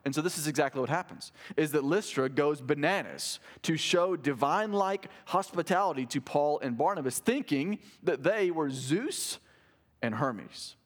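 A man preaching a sermon as a pastor, reading scripture aloud with rising, animated emphasis. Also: fairly high pitch, normal speed. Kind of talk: expository sermon.

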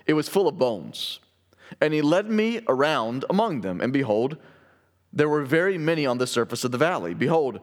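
A man preaching a sermon in a church sanctuary. His voice is mid-pitched and carries a long reverb through the hall. He talks in an earnest, explanatory way and slows down to stress the lines he reads aloud. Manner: earnest, explanatory, reads scripture slowly with emphasis. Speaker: pastor.

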